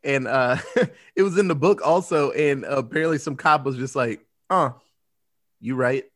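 A man in casual movie review chat, profane and animated, acting out scenes as he talks. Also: medium pitch, moderate pace.

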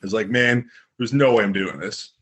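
A young man from Canada, a guest in an interview, telling stories in a relaxed, rambling way full of fillers. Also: fairly low pitch, fairly quick. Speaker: guest, former hockey fighter. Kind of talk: casual storytelling interview.

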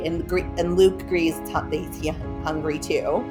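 Female storyteller, lower register, relaxed conversational retelling, light music underneath. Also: measured pace. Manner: chatty, loose, full of "like" and "kinda".

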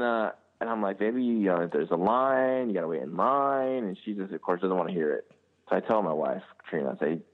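A man in his thirties hosting a podcast, telling a lively family anecdote. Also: deep voice. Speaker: podcast host. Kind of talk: casual chat. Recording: tinny phone-line sound.

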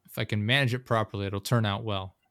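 Casual young male podcast host, relaxed and profane, dry close-mic sound. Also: on the low side, dry recording. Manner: loose and profane, retelling scenes with quick impressions. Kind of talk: casual chat.

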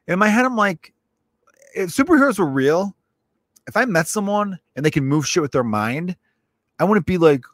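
Rambling, profane comedian, dry close sound. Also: male voice, fairly high pitch, big pitch swings, normal speed, no echo. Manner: loose, rambling and profane, with frequent restarts. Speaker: stand-up comedian. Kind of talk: casual solo podcast monologue.

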